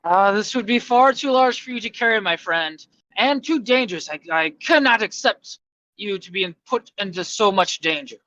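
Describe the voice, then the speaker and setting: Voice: medium pitch, lively intonation, moderate pace, pushed and bright, dry recording, lo-fi sound. A player voicing his adventurer in a grand, old-fashioned way of speaking. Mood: solemn. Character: courtly, formal adventurer addressing a mouse.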